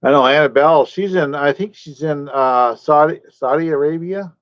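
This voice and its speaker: A man's voice: fairly high pitch, moderate pace, no echo. A man live streaming, chatting casually and rambling while he answers his chat viewers by name. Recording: dull lo-fi stream audio.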